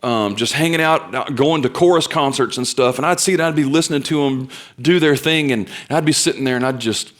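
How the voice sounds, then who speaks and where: Young male pastor, sermon, storytelling, loud bursts then soft asides. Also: mid-range voice, a little fast, few pauses.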